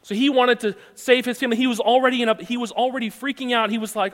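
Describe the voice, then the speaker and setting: A male pastor with a very high voice races through his sermon, barely pausing. Echoing in a long-reverb hall, he retells the passage with lively storytelling and rhetorical questions.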